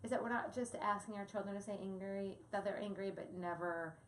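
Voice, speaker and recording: A woman's voice: mid-range voice, fairly quick. A woman co-hosting a parenting talk, chatting casually, laughing often and explaining with examples. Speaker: co-host, parenting presenter. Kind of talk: casual educational chat. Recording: echoey room with faint ambient noise.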